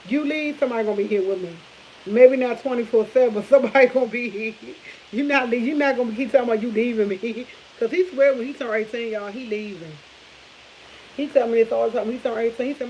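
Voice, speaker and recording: A vlog host with a slightly high but dark-toned voice moves at a quick pace. Her casual storytelling to viewers is rambling and chatty, broken by frequent laughs and restarts, and a faint hiss runs through the dull lo-fi recording.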